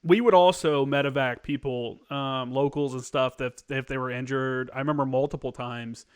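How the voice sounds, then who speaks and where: Brief: male host, everyday mid voice, relaxed and rambling. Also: medium pitch, moderate pace, clean tone. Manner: loose, many fillers, thinks aloud. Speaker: podcast host. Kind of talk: casual conversation.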